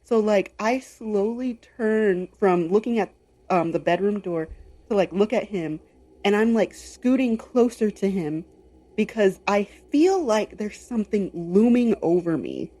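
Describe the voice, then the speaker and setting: A young adult woman co-hosting a podcast, telling a personal story in a casual, animated way. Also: medium pitch, unhurried. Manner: animated, lots of fillers and quoted inner voice. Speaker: podcast co-host.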